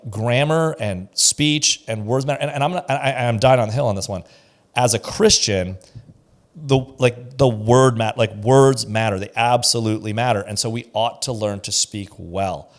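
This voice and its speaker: A man's voice: mid-range voice, moderate pace. A man who is a pastor, co-hosting a podcast and giving his views in an emphatic, opinionated way. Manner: opinionated, emphatic, acts out quoted voices. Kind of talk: casual podcast discussion.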